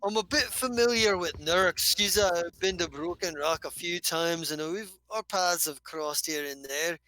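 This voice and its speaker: A game master voicing a friendly, rough-mannered male dwarf mechanic in a tabletop game, folksy and hearty, calling people lass. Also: medium pitch, a little slow, pushed and bright, low-quality recording. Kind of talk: tabletop game role-play.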